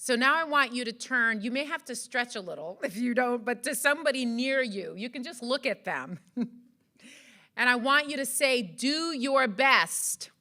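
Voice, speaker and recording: A woman's voice: on the high side, expressive, normal speed, pushed and bright. A woman from Jamaica giving an earnest motivational speech to an audience, full of rhetorical questions. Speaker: event speaker. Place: event hall.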